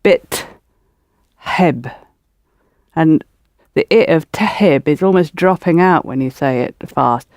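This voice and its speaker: A woman's voice: low voice, slow pace, pauses often, a little mellow, no room sound, clean studio sound. A woman teaching a spoken language course, explaining pronunciation step by step and prompting learners to repeat. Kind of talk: patient spoken-method language lesson.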